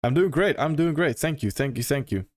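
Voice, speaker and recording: A man's voice: fairly high pitch, expressive, fairly quick. Upbeat young man greeting livestream viewers. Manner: upbeat, repeats phrases, greets viewers by name. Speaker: livestream trading host. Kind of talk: casual livestream chat reading viewer comments.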